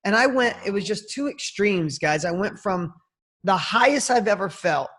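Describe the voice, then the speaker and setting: A man as an interview guest telling a personal story in a casual, animated way, swearing now and then. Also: sits high, moderate pace.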